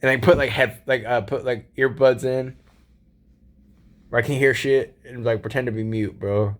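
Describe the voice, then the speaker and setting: A man's voice: medium pitch, steady tone, moderate pace. A man giving a casual late-night monologue, rambling and profane with laid-back slang, often laughing as he talks. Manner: laughs often while talking. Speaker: solo vlogger.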